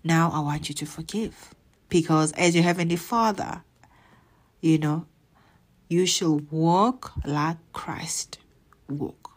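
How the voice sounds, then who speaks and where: A woman voicing God as a calm, stern father speaking to his child in a hushed, firm, half-whispered way. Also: low voice, slow pace, pauses often. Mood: stern gentle.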